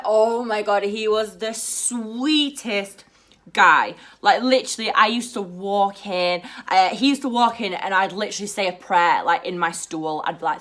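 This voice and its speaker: A young British woman chatting to camera in a blunt, profane and animated way. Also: medium pitch, unhurried. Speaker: vlogger. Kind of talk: casual to-camera chat.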